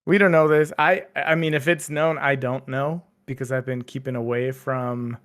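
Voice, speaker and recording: A man's voice: mid-range voice, level tone, moderate pace, a bit bright. A man co-hosting a podcast, chatting casually with lots of fillers and restarts. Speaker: podcast co-host. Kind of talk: casual chat.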